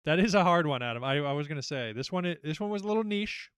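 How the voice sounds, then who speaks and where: A young man hosting a casual online trivia night, chatty and animated as he reads out questions and reacts to the players. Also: fairly high pitch, fast, clear, resonant tone, no echo, studio quality. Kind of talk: casual livestream quiz hosting.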